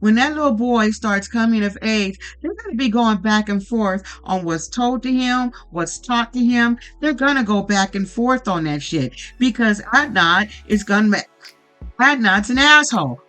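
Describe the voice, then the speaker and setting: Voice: mid-range voice, lively intonation, moderate pace, pushed and bright, faint music behind, rough recording. A YouTuber ranting bluntly and profanely while recapping a reality show. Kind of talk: casual profane commentary.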